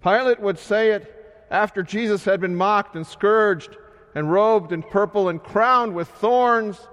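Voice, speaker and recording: A man preaching a sermon in a slow, measured way, his voice swelling loud and then sinking soft. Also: high voice. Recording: long hall reverb.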